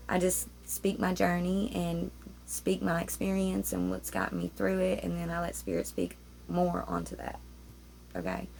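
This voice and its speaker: At home, with roommates nearby, a woman gives a rambling, chatty tarot reading to camera as casual spiritual talk, often interrupting herself. Her voice is medium-pitched and gravelly, with slight background noise.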